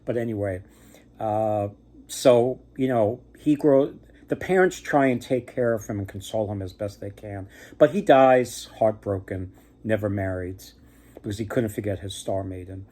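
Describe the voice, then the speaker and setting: A man's voice: fairly low pitch, normal speed, mellow. A man hosting a casual myth retelling, rambling with lots of fillers and joking asides. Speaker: mythology storyteller host.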